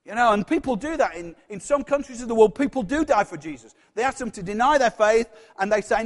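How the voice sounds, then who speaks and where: With a Yorkshire accent, a man delivers a conversational sermon, putting questions to the congregation and acting out voices. He speaks in a very high voice with lively intonation, fairly quickly and with few pauses, and the recording carries a long hall reverb.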